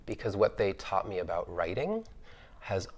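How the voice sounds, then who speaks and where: A man's voice: low-pitched, very animated, normal speed, slight background noise. A man on an artist panel, telling stories about his early influences in a thoughtful, chatty way, with lots of fillers and easy laughter. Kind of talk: reflective conversational storytelling.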